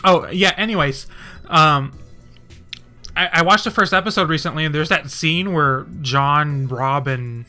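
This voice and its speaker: A male streamer chats casually at home, his fairly high voice cutting and very bright. He rambles, swears freely and works himself up into heated, animated bursts. Faint music plays quietly underneath. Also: measured pace.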